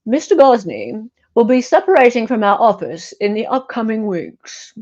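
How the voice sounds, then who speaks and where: A woman's voice: on the high side, big pitch swings, normal speed, a little mellow. A woman doing a stiff, posh official who reads a formal statement in a plummy mock-British voice. The tone is formal and pompous. The sound is dull and lo-fi.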